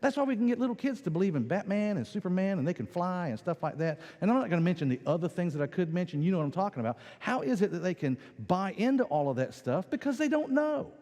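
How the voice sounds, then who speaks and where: A man preaching a lively sermon, his voice higher than most men's and swinging widely in pitch. He acts out quoted voices as he goes. The sound carries a long reverb from the church hall around him. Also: fast, hardly any pauses. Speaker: pastor. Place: church sanctuary.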